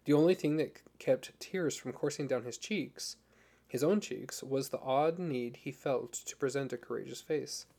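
Gravelly man reading a novel. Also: mid-range voice, mellow. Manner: measured, earnest reading. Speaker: audiobook narrator. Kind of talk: scripted narration.

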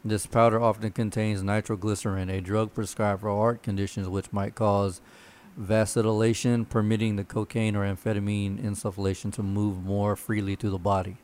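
A man's voice: lowish voice, little pitch movement, normal speed, hardly any pauses, a little mellow. Young man rambling through stories. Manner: rambling, loose storyteller. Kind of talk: casual chat.

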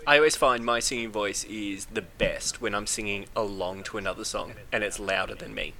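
A man's voice: on the low side, brisk, creaky, crowd noise. A man co-hosting a podcast, chatting casually with lots of laughter. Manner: laughing, animated storytelling. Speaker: podcast co-host. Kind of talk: casual chat.

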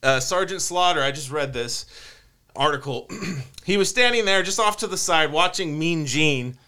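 A man hosting a casual podcast, telling a story in an animated way, laughing and acting out quotes. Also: on the high side, normal speed, smooth. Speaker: podcast host.

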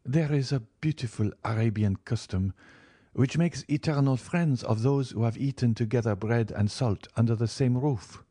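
A man's voice: medium pitch, normal speed, mellow, husky, dry recording, clean studio sound, pitched above the performer's own voice, lightly acted. A man voicing a sorrowful, pleading French countess with a tremulous, plaintive voice in an audiobook reading. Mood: sad, pleading.

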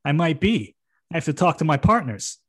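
A man's voice: very animated, brisk. A man doing a sleazy Jersey lawyer. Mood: smug. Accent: New Jersey. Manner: crude, smug, raised pitch. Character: sleazy middle-aged male immigration lawyer.

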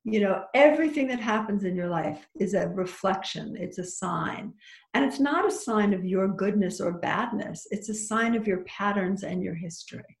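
A woman's voice: mid-range voice, normal speed, gravelly, reverberant. A woman talking as a podcast guest who teaches psychic workshops, chatty and full of restarts and advice. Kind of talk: casual podcast chat.

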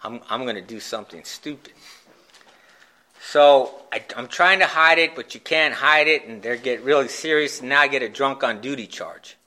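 A man telling his own recovery story in a candid, self-mocking way, with halting restarts. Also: medium pitch, bright, forceful tone. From Phoenix, Arizona, USA. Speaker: speaker sharing a recovery story. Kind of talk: personal storytelling talk at a recovery meeting.

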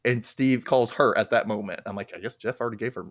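A man's voice: fairly low pitch, fast, dry recording, studio quality. A man hosting a podcast, recapping a sitcom episode in casual chat and acting out the characters' lines. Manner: animated, acts out scenes in quoted voices. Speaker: podcast host.

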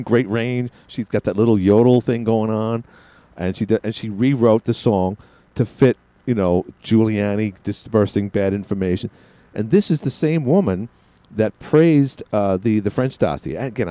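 A man's voice: lowish voice, mellow, dry recording. A man hosting a talk radio show from a studio on a headset, rambling and opinionated with many restarts.

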